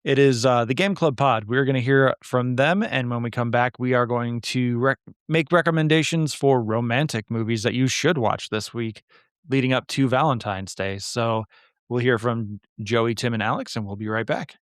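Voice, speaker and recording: Chatty Midwestern man, smooth dry voice. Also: mid-range voice, normal speed, dry recording. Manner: chatty, rambling, self-deprecating. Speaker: podcast host. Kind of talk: casual chat.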